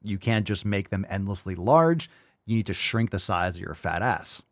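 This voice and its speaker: A man's voice: fairly low pitch, lively intonation, normal speed, no echo, clean studio sound. A man hosting a reaction commentary, blunt, profane and mocking. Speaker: host.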